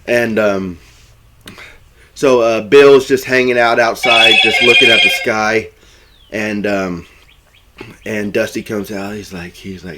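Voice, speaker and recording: A man casually recapping a film's plot as a reviewer, rambling and correcting himself, and now and then jumping into loud, high-pitched acted quotes. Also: fairly even intonation, takes it slowly, pauses often, heavy background noise. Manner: rambling, self-correcting storyteller. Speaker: movie reviewer.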